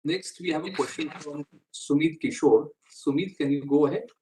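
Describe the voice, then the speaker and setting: A man's voice: a little high, normal speed, a little mellow, a little hiss or hum. Male call moderator, slightly distant from the mic. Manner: brief, polite hand-offs.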